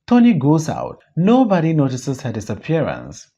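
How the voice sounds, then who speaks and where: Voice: mid-range voice, big pitch swings, unhurried, mellow. A reader narrating a stage play aloud, reading the stage directions and every part alone, on a dull lo-fi recording. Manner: reads stage directions and all parts alone. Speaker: audiobook reader.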